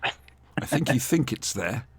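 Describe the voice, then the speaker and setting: A man's voice: medium pitch, takes it slowly, slightly rough, no room sound. A man, co-hosting a casual, jokey watch-along commentary. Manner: jokey, rambling, animated reactions. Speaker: podcast co-host.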